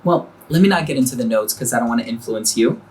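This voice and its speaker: A man's voice: mid-range voice, lively intonation, fast talker, darkish tone. A man hosting a casual interview, explaining things in a friendly way with fillers like "you know". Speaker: host and perfume brand founder.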